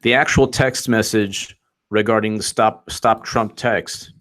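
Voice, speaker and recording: A man's voice: fairly low pitch, fairly even intonation, a little slow, fairly bright tone. A man giving rambling, sarcastic political commentary on a livestream, often mocking quotes in put-on voices.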